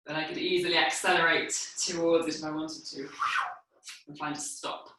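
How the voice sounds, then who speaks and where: A woman's voice: low voice, slight background noise. Woman teaching movement in an echoey room. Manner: calm, unhurried cueing while moving on the floor. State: a little out of breath from exercising. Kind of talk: guided movement class instruction. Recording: echoey room, mic far off.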